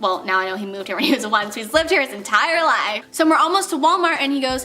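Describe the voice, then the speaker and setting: A young woman from California in her twenties, telling an animated story on a vlog with lots of exclamations. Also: high voice, fairly quick, hardly any pauses. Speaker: vlogger.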